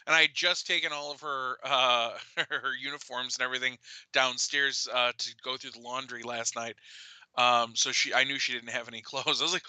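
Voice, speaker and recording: A middle-aged man co-hosting a casual chat show, animated and laughing as he tells a story. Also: medium pitch, brisk, clear, resonant tone, dry recording, rough recording. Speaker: co-host.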